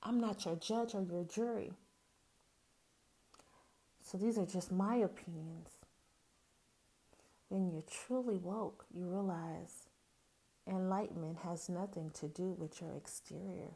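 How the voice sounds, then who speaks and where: A woman's voice: on the low side, fairly even intonation, takes it slowly, gravelly, pauses often, dark tone. A woman from Mississippi with a Southern accent, speaking in a candid, folksy personal monologue as a podcast host who calls her listeners "baby".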